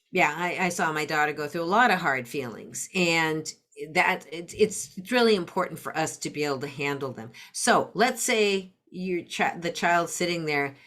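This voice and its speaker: A woman's voice: deep voice, fairly bright tone. A middle-aged woman, a parenting coach and podcast guest, explaining step by step and acting out example phrases. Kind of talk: explanatory interview talk.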